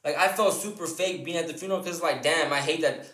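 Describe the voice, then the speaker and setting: A man's voice: on the high side, fast, fairly bright tone. A young man casually telling a long story on a podcast, rambling and swearing freely, with many restarts and fillers. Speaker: podcast co-host. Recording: echoey room.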